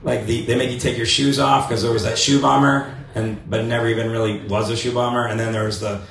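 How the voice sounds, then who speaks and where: A male stand-up comedian with a crude, self-mocking manner and a voice going hoarse, swearing often on a club stage. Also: mid-range voice, level tone, fast talker, fairly bright tone, roomy sound, distant mic, a little hiss or hum. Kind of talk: stand-up set.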